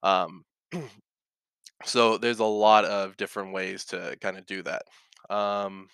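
Guy rambling on his podcast, keeps saying right?, kinda low but bright voice, dry sound. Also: a little slow, clear, resonant tone, no room sound. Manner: rambling, many fillers and restarts, frequent "right?". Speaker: podcast host. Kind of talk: casual talk, reading and reacting to posts.

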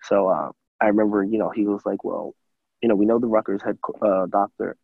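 A man's voice: on the low side, brisk, vocal fry, slightly rough, no echo, narrow, tinny audio. A young man in his twenties, a former college football player, casually telling a story in an interview with lots of fillers and acted-out quotes. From USA. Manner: animated storyteller, many fillers, acts out quotes.

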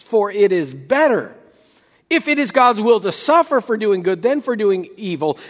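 A man preaching a sermon as pastor, telling a story with lively quoted voices and frequent restarts. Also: high voice, in a large hall.

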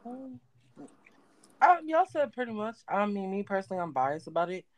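A woman's voice: mid-range voice, very animated, normal speed, poor audio. A woman guest on a podcast, talking in a casual, emphatic and slangy way.

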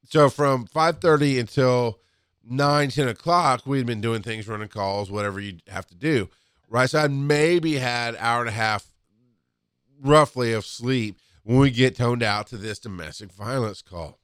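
A man who used to be a paramedic tells work stories in a casual, animated way, with laughs and acted-out quotes. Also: unhurried, smooth, no room sound, studio quality. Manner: animated, acts out quotes with rising pitch and laughs. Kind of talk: casual storytelling monologue.

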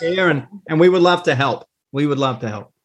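A man's voice: fairly high pitch, animated, brisk, noisy background. A man with an Australian accent, a guest on an interview podcast, chatting earnestly and laughing as he tells a story. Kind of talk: casual interview chat.

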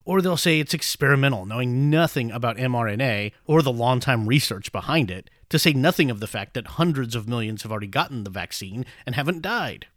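A man's voice: medium pitch, animated, a little fast, hardly any pauses, no echo, clean studio sound. A man hosting a podcast, giving a blunt opinionated monologue and swearing freely in casual banter. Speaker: podcast host.

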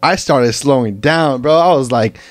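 A man's voice: medium pitch, moderate pace, no echo. A young man co-hosting a podcast, telling a story in casual, profane slang. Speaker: podcast co-host. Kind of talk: casual chat.

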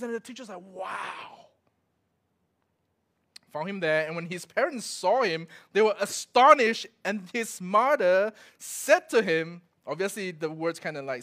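A man's voice: high-pitched, bright, forceful tone. A male pastor, preaching a sermon full of stories, laughing as he acts out quotes. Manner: storytelling with laughs and acted-out quotes.

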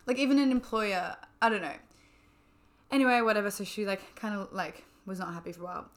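A woman's voice: mid-range voice, brisk. A young woman chatting as a podcast co-host, telling a story with lots of fillers. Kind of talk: casual chat.

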